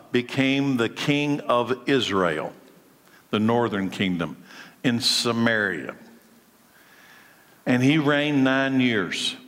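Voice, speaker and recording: Male pastor, sermon delivery, mid pitch, long reverb of a church hall. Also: fairly bright tone. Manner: preaching with rhetorical questions and acted-out dialogue.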